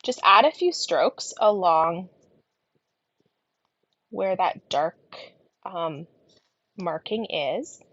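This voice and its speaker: A woman teaching a card-colouring class in casual tutorial narration, her voice gravelly from a lingering cough, often dropping into soft murmurs as she works. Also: on the low side, expressive, extremely slow, long pauses, dull audio. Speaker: card-making instructor.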